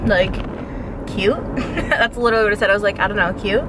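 A woman's voice: medium pitch, fairly quick, very noisy. A young woman vlogging casually to camera from her car and home, talking in a chatty way full of "like" fillers. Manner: chatty, filler-heavy, many "like"s. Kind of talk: casual vlog chat to camera. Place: inside a car, then at home.

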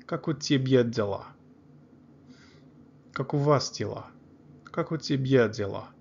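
Slow, careful male language teacher. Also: mid-range voice, vocal fry, darkish tone, muffled recording, slight background noise. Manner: slow, repeats words carefully for learners. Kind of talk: beginner language lesson.

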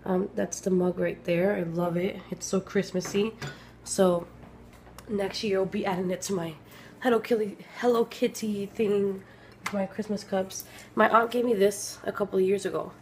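A woman vlogging at home, chatting excitedly about her presents and sometimes dropping to a whisper. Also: mid-range voice, moderate pace, slight background noise. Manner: gushing, chatty, drops to soft whispers. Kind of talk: casual vlog chat. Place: home, indoors.

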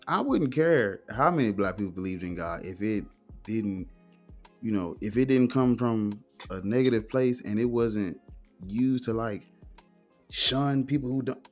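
A man's voice: fairly low pitch, a little slow, faint music behind. A man in casual conversation, talking emphatically and animatedly, often asking "you know what I'm saying". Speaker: guest, atheist streamer.

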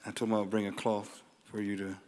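A middle-aged man, a flight attendant, giving an earnest, halting testimony on stage with many fillers. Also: fairly low pitch, flat delivery, darkish tone. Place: large meeting hall. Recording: long hall reverb.

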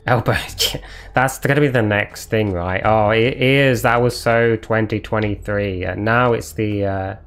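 A man's voice: on the low side, steady tone, a little slow, fairly bright tone. Man joking through a live game stream. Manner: joking, sarcastic banter with chat. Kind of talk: live gameplay commentary chatting with viewers.

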